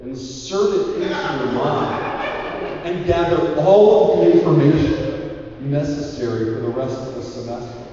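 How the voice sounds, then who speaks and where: A man, a priest, preaching an animated sermon and drawing the audience to repeat after him. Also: fairly high pitch, a little hiss or hum. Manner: animated, audience call-and-response. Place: large hall. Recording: echoey hall from far off, dull sound.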